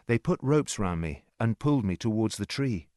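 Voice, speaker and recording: A man narrating a story in a slow, clear reading voice. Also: on the low side, expressive, darkish tone, dry recording, studio quality. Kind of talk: scripted narration.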